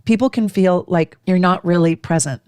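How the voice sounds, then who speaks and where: A woman in her forties hosting an astrology talk, speaking with emphatic energy and acting out quick exchanges. Her voice sits on the low side and is recorded close and dry, with no room sound. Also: clean tone, no room sound. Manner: emphatic, animated, acts out little dialogues in a higher voice. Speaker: astrologer host. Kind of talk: casual astrology talk to camera.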